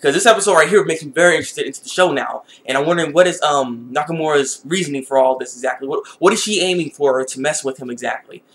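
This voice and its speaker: A man reviewing an anime episode in a casual vlog, excitable and laughing, and often repeating his words. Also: a little high, fast talker, hardly any pauses.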